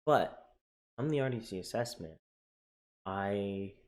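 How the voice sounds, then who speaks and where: A man's voice: on the low side, slow pace. A young man telling his own story on a casual vlog, candid and emotional, swearing now and then and often restarting his sentences. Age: young adult. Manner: candid and emotional, swinging from quiet to excited. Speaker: navy sailor sharing his journey.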